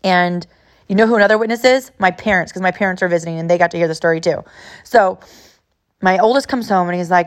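A woman's voice: fairly low pitch, quick pace. A woman in her thirties from California, hosting a podcast and telling an emotional personal story in an earnest way, often repeating herself. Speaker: podcast host.

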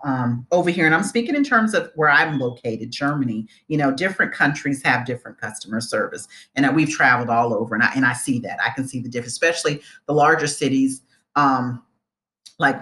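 Low-voiced woman giving lively advice. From United States. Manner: earnest, animated, repeats points for emphasis. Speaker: vlogger giving advice on moving abroad. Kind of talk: casual advice talk to camera.

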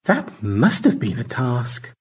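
A man's voice: medium pitch, wildly swooping pitch, slow, slightly rough, voice pushed up, exaggerated voice. A man doing a prim, sweet female AI avatar. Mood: polite.

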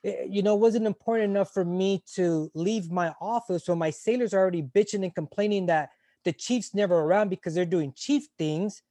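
Frank, profane man with a mellow voice. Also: sits high, no room sound, clean studio sound. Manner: frank and emotional, swears freely, halting restarts. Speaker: interview guest, retired Navy corpsman. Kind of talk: candid conversational storytelling.

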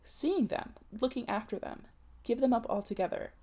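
A woman's voice: a little high, normal speed, dark tone, lightly acted. A woman reading a novel aloud, voicing a defiant, distraught young unmarried woman who pleads in anguish.

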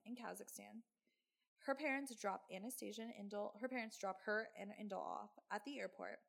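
Woman, podcast host, true crime storytelling, casual, sarcastic, fry in the voice. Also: a little high. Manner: casual, swearing, sarcastic asides.

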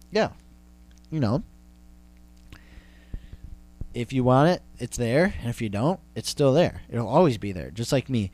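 A young man with a fairly low, mellow voice rants comically on his podcast. The monologue is exasperated, profane and heavy on repetition.

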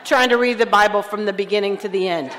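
A woman's voice: medium pitch, fast talker, background noise. A woman speaking at a recovery conference, sharing her story with candid, self-mocking humor. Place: conference hall. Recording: live talk in a reverberant hall.

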